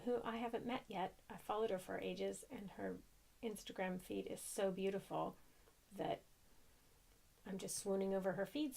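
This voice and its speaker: A young American woman talks casually about her crochet projects. She rambles and wanders between thoughts, poking gentle fun at herself along the way. Her voice sits at an ordinary middle pitch. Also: gravelly. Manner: chatty, rambling, self-deprecating. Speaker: crochet podcaster. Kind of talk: casual chat.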